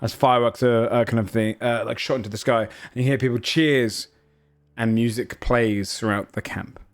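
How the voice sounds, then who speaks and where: A man's voice: medium pitch, fairly even intonation, moderate pace. A man narrating a tabletop game as game master, loose and hesitant, full of fillers.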